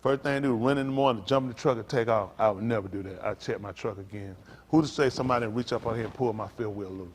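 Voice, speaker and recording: A middle-aged male pastor preaching to a congregation, rambling through folksy stories and jumping to loud emphasis. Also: lowish voice, fast talker, few pauses, a little hiss or hum.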